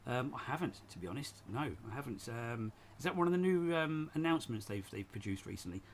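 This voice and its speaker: A man's voice: medium pitch, expressive, fairly quick, slight background noise. A man hosting a casual live stream from his shed, rambling and chatty, often laughing as he talks. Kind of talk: casual chat. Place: home shed.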